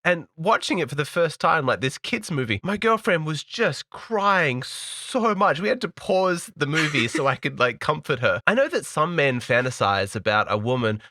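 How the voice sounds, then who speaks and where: Guy talking through a reaction vid, bright tone, dry close sound, kinda lecturing. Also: on the high side, very animated, no room sound. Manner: measured, lecturing. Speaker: commentator reacting to clips. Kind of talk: reaction commentary.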